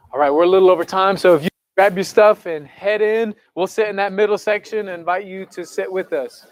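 A man's voice: sits high, fairly even intonation, brisk, hardly any pauses, no room sound. A young man telling a conversion story in a sermon to students and counselors, earnest and conversational, then leading a prayer. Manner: earnest, conversational, quotes people casually. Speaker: camp speaker.

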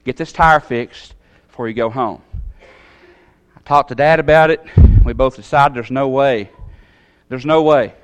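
A man telling a long personal story in a sermon, in a folksy, animated way with sudden jumps in pitch. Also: unhurried, clean tone.

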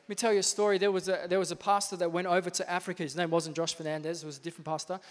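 A male pastor preaching an energetic, emphatic sermon with lots of repetition in a church. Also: sits high, rapid-fire. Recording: reverberant church hall.

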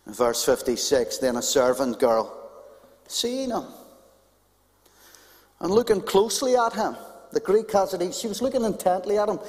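A man's voice: sits high, animated, normal speed, long pauses, darkish tone. A man preaching a sermon to a congregation, stressing his points by repeating key phrases. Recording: long reverb in a large hall.

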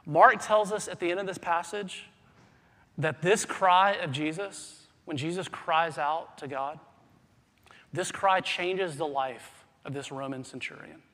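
A man preaching a sermon as pastor, swinging between hushed, quiet passages and loud, urgent emphasis. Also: on the high side, a little slow. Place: church sanctuary. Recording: long hall reverb.

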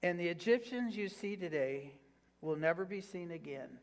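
Male pastor, high voice, fervent preaching with call-and-response. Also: lively intonation, normal speed. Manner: reads scripture aloud, then applies it with fervent repetition. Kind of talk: sermon.

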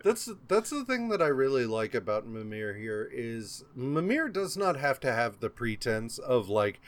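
A man's voice: medium pitch, very animated, a little slow, few pauses. A man co-hosting a comic book podcast, reading credits and recapping plots in a dry, exasperated, profane way. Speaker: podcast co-host. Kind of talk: casual comic book discussion, reads issue credits and recaps.

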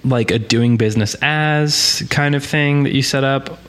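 A man's voice: mid-range voice, measured pace, fairly bright tone. A man hosting a casual podcast, joking and swearing offhandedly. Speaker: podcast host.

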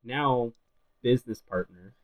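A man's voice: medium pitch, measured pace, poor audio. A man co-hosting a podcast, explaining background details from his notes in casual chat. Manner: informative, reading from notes. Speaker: podcast co-host.

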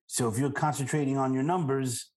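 A man's voice: medium pitch, brisk. Chatty male podcast host. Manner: relaxed, chatty, shares personal anecdotes. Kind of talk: casual conversation.

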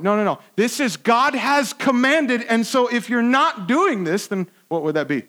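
With an extremely high, animated voice at a moderate pace, a male pastor delivers a conversational, earnest sermon. He restarts often and shifts between booming emphasis and quiet asides.

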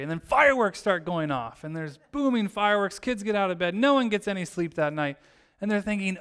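A man gives a sermon with a fairly high, smooth and resonant voice. He talks in a relaxed, chatty storytelling way and breaks into the characters' lines with bursts of energy. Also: normal speed. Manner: storytelling, acts out the characters' lines with lively shifts. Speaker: pastor.

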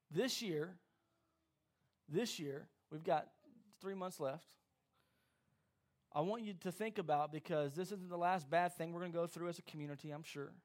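A man preaching a sermon as pastor, animated and acting out quoted voices. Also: sits high.

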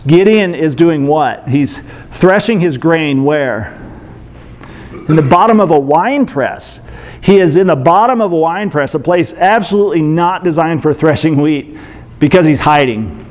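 A man in his thirties preaching, reading scripture and then talking about it in a relaxed, chatty way with lots of filler words. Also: a little high, unhurried. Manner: conversational, uses fillers like 'like' and 'man'. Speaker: pastor. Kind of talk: scripture reading and casual sermon commentary.

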